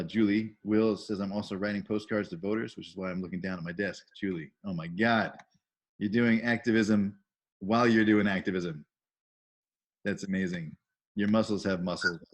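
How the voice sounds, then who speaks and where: A middle-aged man hosting a video call training, casually welcoming people and cheerfully reading out chat messages with praise. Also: lowish voice. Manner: enthusiastic, reads out chat messages with upbeat praise. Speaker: volunteer trainer and call host.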